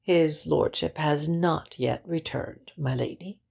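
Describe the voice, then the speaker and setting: A woman's voice: deep voice, slow pace, vocal fry, darkish tone, husky, full character voice. A woman doing a proper, deferential butler. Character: formal, unflappable male butler.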